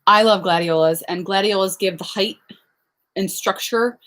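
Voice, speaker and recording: A young woman, a flower farmer, chatting casually on a live stream, answering viewer questions with lots of fillers and quick laughs. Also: mid-range voice, a bit bright. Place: outdoors on a farm.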